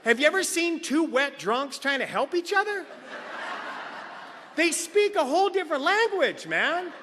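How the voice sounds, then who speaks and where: A man's voice: very high-pitched, big pitch swings, moderate pace, noisy background. A middle-aged man telling a comedic personal story at a recovery meeting, acting out other people's lines. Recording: long hall reverb.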